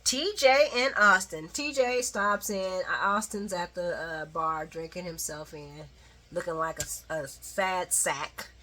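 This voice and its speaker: A woman giving a casual late-night soap opera recap, animated and swearing freely as she acts out the characters. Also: on the low side, slow pace.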